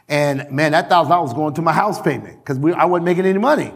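A middle-aged male pastor preaching a sermon in a church, animated, repeating phrases for emphasis and calling out to his congregation. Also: a little high, fast, vocal fry, hardly any pauses, slightly rough. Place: church sanctuary.

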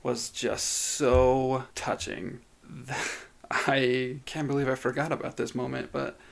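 A man co-hosting a podcast, talking casually and retelling moments he loved. His voice has a gravelly, creaky edge, and his pitch sits in the middle. He tells stories in a loose, chatty way and leans on "like". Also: flat delivery, slow pace. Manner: chatty storyteller, says "like" often. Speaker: podcast co-host. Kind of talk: casual chat.

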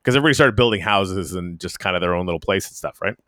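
A man's voice: deep voice, very fast, a bit bright, no room sound, clean studio sound. A man from the Canadian Arctic hosting a casual podcast chat, rambling with lots of fillers and restarts. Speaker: podcast host.

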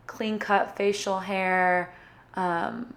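A woman's voice: medium pitch, level tone, extremely slow, fairly bright tone. A young woman casually telling a personal story to her viewers, bubbly and chatty, with lots of "like" fillers. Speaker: vlogger.

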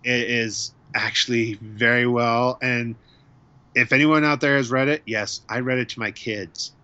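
A man with a bright, forceful voice chatting casually as a show co-host. He gushes enthusiastically. The sound is dry and a bit muffled. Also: medium pitch, fairly even intonation, unhurried, clean tone, no echo. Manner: enthusiastic, gushing. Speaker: podcast co-host. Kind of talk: casual chat.

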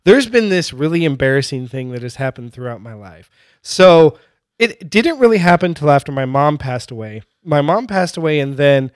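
A man telling a story in casual chat, animated and laughing often as he mimics his dad. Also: fairly high pitch, moderate pace, smooth, no room sound, clean studio sound.

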